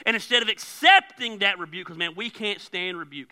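A man preaching a sermon as pastor, animated, often repeating words as he starts a phrase. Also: high-pitched, brisk, hardly any pauses. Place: church.

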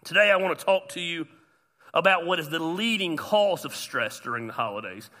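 A man, a pastor preaching an animated sermon with self-deprecating humor. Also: sits high. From US South.

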